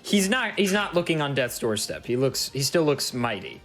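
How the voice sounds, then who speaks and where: A man's voice: medium pitch, very animated, normal speed, a bit bright, faint music behind. A man narrating as dungeon master in a tabletop game, loose and filler-heavy.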